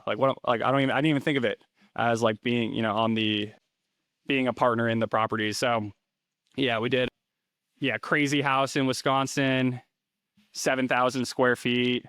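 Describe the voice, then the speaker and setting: Guest in his 30s; casual, rambling talker; smooth tone, dry close recording. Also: mid-range voice, level tone, fairly quick, fairly bright tone, no room sound. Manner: rambling, filler-heavy, restarts often. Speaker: interview guest, rental investor. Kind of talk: casual interview chat.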